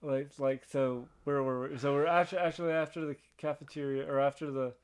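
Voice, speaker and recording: A man's voice: on the high side, fairly even intonation, brisk, clear, resonant tone. A man co-hosting a movie review podcast, chatting casually with a lot of restarts and fillers and an eager film-buff enthusiasm. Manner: rambling, many restarts and fillers. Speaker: podcast co-host.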